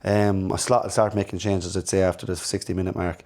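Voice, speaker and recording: A man's voice: deep voice, flat delivery, fairly quick, darkish tone. A middle-aged man, hosting a casual football fan reaction and talking frankly, repeating words as he rambles through his thoughts. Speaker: football fan channel host.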